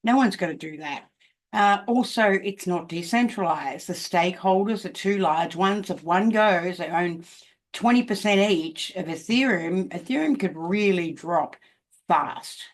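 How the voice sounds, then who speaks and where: A woman's voice: fairly low pitch, unhurried. An older woman with an Australian accent, talking casually to camera about markets, emphatic and often checking in with "okay?". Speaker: crypto commentator.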